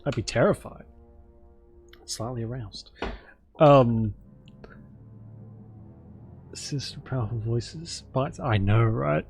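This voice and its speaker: Male streamer, casual joking commentary, mid-pitched voice, faint game music. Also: slow, creaky, pauses often, a little mellow. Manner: chatty, joking, thanks viewers.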